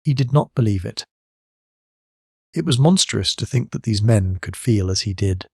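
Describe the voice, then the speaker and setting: A man narrating a classic novel as an audiobook, reading in a measured, even way. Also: lowish voice, creaky, breathy edge, no room sound, clean studio sound. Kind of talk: scripted narration.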